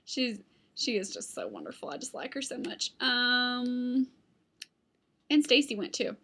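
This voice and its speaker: A woman's voice: on the high side, wildly swooping pitch, unhurried, a bit bright. Rambling young woman vlogging at home. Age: young adult. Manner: rambling, chatty, talks to her dog. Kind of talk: casual chat to camera. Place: at home, indoors. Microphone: computer webcam.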